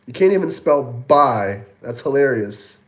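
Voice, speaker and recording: A man's voice: mid-range voice, animated, measured pace. A young man hosting a casual livestream, reading chat aloud and answering in a mocking, taunting way with frequent swearing.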